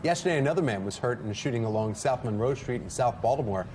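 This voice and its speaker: A man co-anchoring a morning TV newscast in a studio, reading crime news in an even newsreader delivery. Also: medium pitch, fast, slight background noise.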